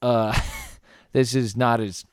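A man chats on a podcast, breaking in with eager questions. His voice is mid-pitched and sounds clean and smooth. The room is very dry. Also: steady tone, takes it slowly, no room sound. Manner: eager listener, chimes in with questions and reactions. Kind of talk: casual podcast chat.

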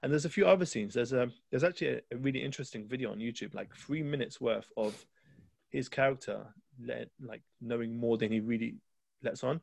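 A man's voice: mid-range voice, brisk, vocal fry, a little mellow, no room sound. A man co-hosting a podcast, chatting casually and enthusiastically about a film, rambling with restarts. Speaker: podcast co-host.

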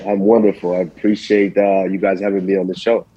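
A man born in Nigeria and raised in Texas, a champion fighter guest answering interview questions in a relaxed way, often repeating words as he thinks. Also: low voice, fairly quick, slightly rough, dry recording, muffled recording.

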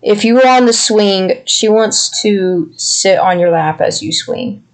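This podcast co-host has a high voice and speaks at a measured pace. He chats casually, rambling on affectionately.

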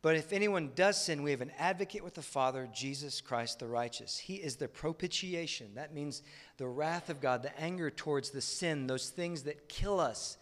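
A man preaching a sermon, moving between quiet, conversational asides and loud, emotional pleading. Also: fairly high pitch, moderate pace. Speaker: pastor. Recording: long hall reverb.

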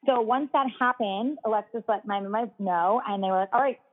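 A woman's voice: medium pitch, brisk. A woman telling a long personal story in a casual chat, peppering her speech with "like" and laughing often. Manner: chatty, heavy use of "like" fillers, laughs often. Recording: tinny phone-like sound.

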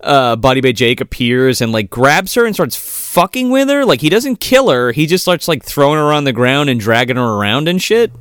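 A man co-hosting a podcast, recapping a movie in profane, animated casual chat and acting out the characters' lines. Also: mid-range voice, normal speed, few pauses, clear, resonant tone, no echo, clean studio sound. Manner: profane, animated retelling with acted quotes. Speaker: podcast co-host.

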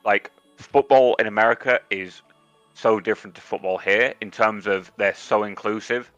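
An English man co-hosting a podcast, telling stories in a lively, swearing, casual chat. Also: on the low side, moderate pace, no echo. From England. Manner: animated storytelling, heavy swearing. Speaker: podcast co-host. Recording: dull, dry lo-fi mic with faint music.

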